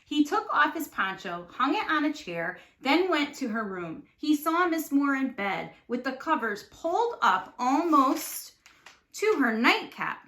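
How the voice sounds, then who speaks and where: A woman teacher reading a storybook aloud with expressive, animated narration. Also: high voice, a little slow. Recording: echoey room.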